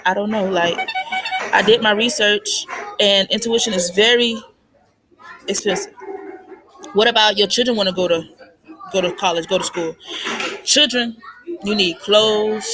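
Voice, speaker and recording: A woman's voice: medium pitch, a bit bright, a little hiss or hum. A young woman giving money advice in a casual, unscripted monologue, chatty and repetitive, with lots of "like" and "I mean.". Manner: chatty, repeats points, fillers like "like" and "I mean". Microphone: phone recording.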